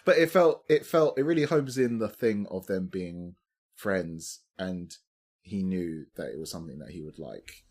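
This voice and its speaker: Husky low-voiced man, hesitant. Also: lively intonation, moderate pace, darkish tone. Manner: hesitant, fills with um and like. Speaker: podcast co-host. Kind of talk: casual film review chat.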